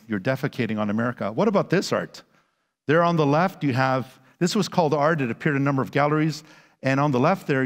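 A man lecturing at a church conference, his voice sitting in an ordinary middle pitch. He talks with sarcastic asides and rhetorical questions. The sound carries a long hall reverb from a stage microphone. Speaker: apologist conference speaker.

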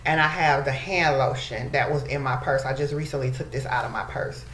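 Talking to her viewers as y'all, a woman gives a casual beauty vlog chat in a rumbling low voice that's a bit bright and a little fast. Faint background noise comes through an echoey room.

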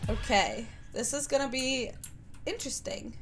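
A woman's voice: a little high, normal speed, soft background music. A woman streamer chatting playfully and giggling through a game with her viewers. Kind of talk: gaming commentary with viewers.

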